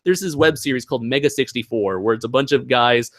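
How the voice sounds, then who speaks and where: A man's voice: mid-range voice, quick pace, a bit bright. A young man hosting a casual livestream Q&A, rambling and laughing, with many fillers. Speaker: channel host.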